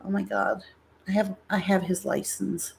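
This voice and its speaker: A woman's voice: medium pitch, little pitch movement, normal speed, gravelly, slight background noise. Chatty, rambling American woman streaming live. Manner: rambling, chatty, acts out family members' voices. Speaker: livestream host selling bags. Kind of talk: casual storytelling livestream.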